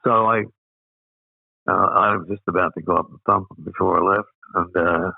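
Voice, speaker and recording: This man is an Australian guest in his eighties, chuckling as he tells rambling anecdotal stories. His voice sits low with vocal fry and fairly even intonation, at a normal speed. The recording is dry, over a tinny line that sounds like a phone.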